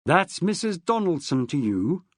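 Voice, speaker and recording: A man voicing a jovial, wry middle-aged schoolteacher in an audiobook, hearty and booming. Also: sing-song, measured pace, no echo. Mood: teasing.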